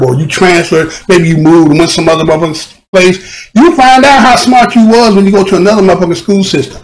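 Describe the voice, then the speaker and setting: A man's voice: high voice, low-quality recording. A man hosting a live stream, talking in a rambling, profane monologue full of slang.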